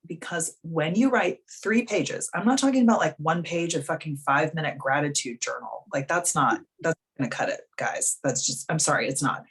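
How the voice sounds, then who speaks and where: A woman's voice: low-pitched, husky. A woman life coach hosting a live video coaching call, talking frankly and bluntly in a casual, chatty way.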